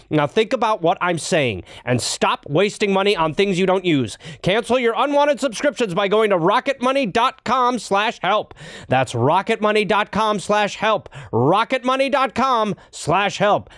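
A man's voice: high-pitched, fairly bright tone, dry recording, studio quality, pitched above the performer's own voice. A man playing a cheesy, rambling ad-reader persona, doing a comedic sponsor read. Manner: hammy, rambling, self-interrupting. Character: cheesy male radio-style ad-reader persona. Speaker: ad read host.

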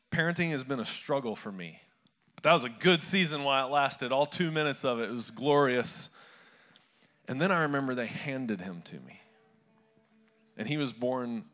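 Man, pastor, sermon, bright forceful voice, chatty storytelling, live church crowd. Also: medium pitch, lively intonation, moderate pace, long pauses, faint music behind. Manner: conversational storytelling with humor. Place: church before a live congregation.

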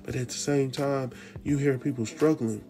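A man casually recapping a TV drama episode, animated and slangy, speaking straight to his viewers. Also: mid-range voice, moderate pace, soft background music. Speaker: TV recap host.

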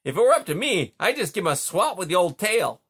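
A man reading aloud, voicing an irritable, tough female beaver in a high, strained voice for a storybook. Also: big pitch swings, quick pace, fairly bright tone, husky, full character voice. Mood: grumbling.

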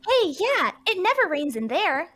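A woman's voice: extremely high pitch, big pitch swings, measured pace, fairly bright tone, voice pushed up, heavily acted. A woman voicing a cheeky third-grade kid eager to play tag, reading game lines aloud in a playful, teasing manner. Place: home setup on a live stream.

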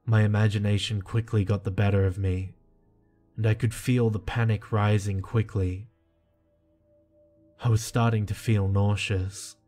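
A man reading a creepy first-person horror story in a slow, hushed and tense way. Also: fairly low pitch, little pitch movement. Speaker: narrator. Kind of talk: scripted horror narration. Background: soft music.

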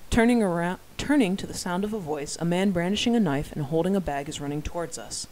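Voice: medium pitch, fast, hardly any pauses, darkish tone, low-quality recording. Amateur narrator with wry asides. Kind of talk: amateur first-person novel reading.

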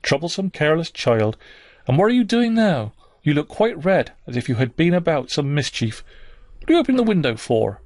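An impatient nursemaid snaps quick reproaches at a child, as a man puts her on. The voice rises above his usual tone and sounds dry and close. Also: on the high side, very animated, dry recording, pitched above the performer's own voice. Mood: scolding. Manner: sharp, hurried scolding. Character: impatient scolding nursemaid woman.

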